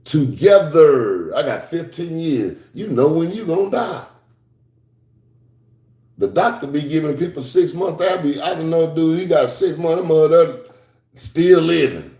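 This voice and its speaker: Here a middle-aged man preaches scripture to a class, moving back and forth between low, slow reading and excited, high-pitched outbursts. He speaks casually to his listeners in asides. The recording sounds echoey.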